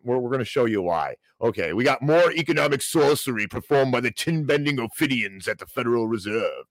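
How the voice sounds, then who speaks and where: A man holds forth on his podcast, heaping mocking scorn on the financial world in a theatrical rant. His mid-pitched voice is recorded close and dry, with no room sound at all. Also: no room sound. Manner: sarcastic, mocking, theatrical outrage. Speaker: podcast host. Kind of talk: ranting financial commentary.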